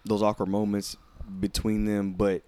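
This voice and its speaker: A man with a low, smooth voice tells a wrestling match as a story on a podcast. He acts out what the wrestlers say and drops in casual swearing. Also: completely flat delivery, moderate pace, mellow, no room sound. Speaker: podcast co-host. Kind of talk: casual wrestling recap chat.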